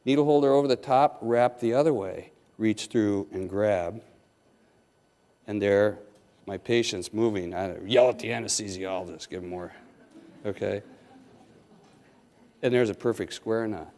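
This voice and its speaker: A man with a fairly low voice leads a hands-on demonstration in a lecture hall, coaching his audience step by step. His manner is folksy and joking, and he keeps checking that everyone is following. A long reverb trails every phrase. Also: unhurried, pauses often, a little mellow. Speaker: surgeon teaching knot tying.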